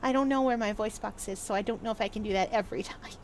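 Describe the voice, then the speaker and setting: A woman's voice: mid-range voice, fast talker, slight background noise. A woman streaming a game and chatting playfully with her viewers, with lots of ums and laughs. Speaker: gaming streamer. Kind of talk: casual chat while live streaming a game.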